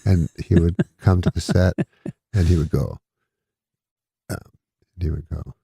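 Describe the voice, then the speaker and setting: Deep, gravelly deadpan storyteller man. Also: a little slow, no echo, studio quality. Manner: rambling, deadpan, laughing between lines. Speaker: comedian guest. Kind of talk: casual anecdote telling.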